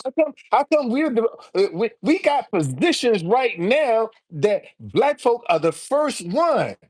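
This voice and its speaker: On her live stream, a woman in her seventies speaks to viewers in a highish, husky, darkish voice that's very animated and a little slow. She's heated and foul-mouthed, repeating herself and stammering over restarts.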